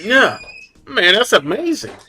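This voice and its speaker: A man hosting a casual barbecue livestream, chatting loosely with viewers and giving shout-outs. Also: high-pitched, very animated, measured pace, faint music behind. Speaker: livestream host.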